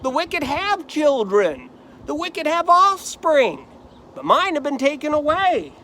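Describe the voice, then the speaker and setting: A man's voice: extremely high pitch, sing-song, slow, pushed and bright, a little hiss or hum, pitched above the performer's own voice, heavily acted. A man voicing an anguished suffering man who protests to his friends in a pleading, indignant way.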